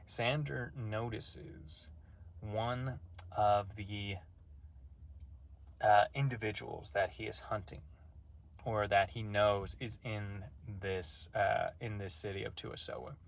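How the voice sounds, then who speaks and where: A man's voice: lowish voice, creaky, fairly bright tone. A man casually recapping a tabletop game session as game master, rambling and self-deprecating.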